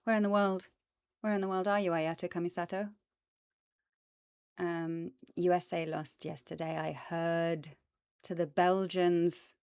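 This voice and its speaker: Lowish, smooth, and a little mellow, her voice shows little pitch movement, moving at a measured pace with frequent pauses and no room sound. She is a voice actress with a British and American accent, hosting a casual plant stream and chatting eagerly with viewers, with plenty of ums and asides, at a desk mic before her.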